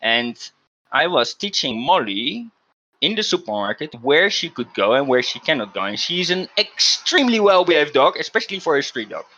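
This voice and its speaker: A man's voice: fairly high pitch, sing-song, moderate pace, sharp tone, highs cut off, a little hiss or hum. A man hosting a podcast, telling a story in a casual, emphatic way with frequent restarts. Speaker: podcast host.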